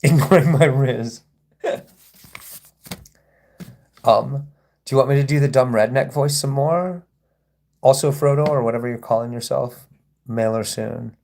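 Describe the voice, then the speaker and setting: A man's voice: mid-range voice, a little slow, gravelly, long pauses, darkish tone. A man hosting a casual livestream, rambling and sarcastic as he reads and answers chat comments. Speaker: livestream host.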